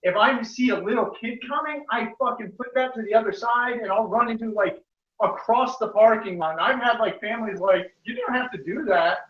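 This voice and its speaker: A man's voice: high voice, fairly quick. A man chatting casually on a video call, talking loosely and swearing. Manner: casual, profane. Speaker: guest. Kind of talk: casual live-stream chat. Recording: distant roomy lo-fi call audio.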